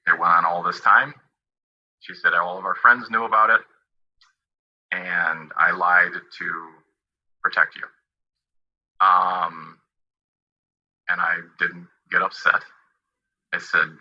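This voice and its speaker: A man halting through a personal account of a dispute, often quoting past talks word for word. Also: low voice, lo-fi sound. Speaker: party in a dispute.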